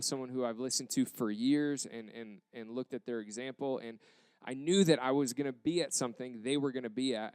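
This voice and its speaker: Smooth-voiced young American pastor. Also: male voice, medium pitch, no room sound. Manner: animated storytelling with acted quotes. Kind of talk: sermon storytelling. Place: church campus.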